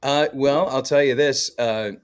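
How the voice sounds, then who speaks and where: A man's voice: medium pitch, unhurried, clear, resonant tone. A man from Canada, a guest co-host and musician, chatting casually in a jokey storytelling way with lots of fillers. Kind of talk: casual podcast chat.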